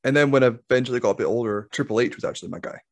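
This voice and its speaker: A young adult man from Scotland, a wrestler chatting calmly and easily as a podcast guest, laughing at himself. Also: mid-range voice, very fast. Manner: calm, easygoing, laughs at himself. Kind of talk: casual interview chat.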